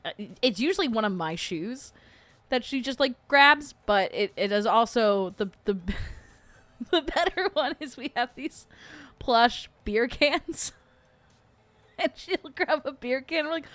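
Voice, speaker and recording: A woman's voice: high-pitched, expressive, a little slow, a bit bright, dry recording. A young adult woman hosting a casual livestream, rambling with lots of fillers and frequent giggles. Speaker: host.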